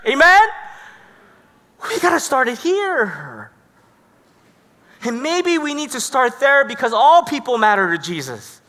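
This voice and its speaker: Animated male pastor in an echoing hall. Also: high-pitched. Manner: animated, dramatic storytelling. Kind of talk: sermon. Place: church hall. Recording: echoey church hall.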